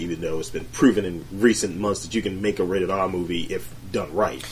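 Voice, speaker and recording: A man's voice: deep voice, steady tone, fairly quick, hardly any pauses, a little hiss or hum. A man co-hosting a casual podcast, talking in a profane, rambling way. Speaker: podcast co-host. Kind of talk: casual crude chat.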